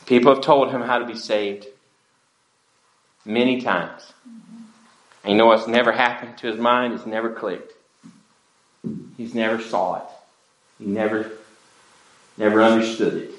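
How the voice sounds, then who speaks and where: A man's voice: on the low side, steady tone, unhurried, pauses often, reverberant, poor audio. A pastor preaching an earnest, pleading sermon to his church. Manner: earnest, pleading preaching with wide swings in loudness.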